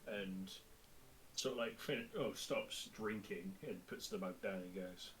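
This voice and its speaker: A man's voice: low-pitched, a little slow, a bit bright, rough recording. Guy player in a tabletop game, says sort of like a lot, bit of hiss. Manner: casual, describes actions with "sort of, like". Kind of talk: tabletop role-play, in character.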